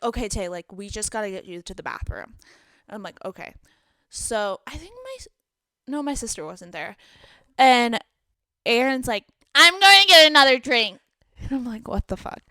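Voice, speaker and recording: Lively young woman telling a story. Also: a little high, normal speed, no echo. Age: 20s. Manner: animated retelling, acting out friends' lines. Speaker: podcast co-host. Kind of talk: casual storytelling chat.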